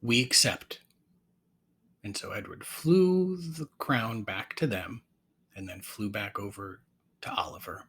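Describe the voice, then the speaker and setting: A man narrating an improvised bedtime story, gentle and halting. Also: lowish voice, slightly rough.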